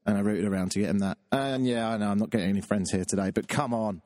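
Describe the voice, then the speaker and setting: A British man hosting his own show, doing a self-mocking comic rant that keeps jumping up into a high squeaky voice. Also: quick pace, a little mellow, dry recording, studio quality. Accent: British English. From Britain. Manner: exasperated, self-mocking, jumps into a high squeaky voice when riled. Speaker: show host. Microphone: webcam setup.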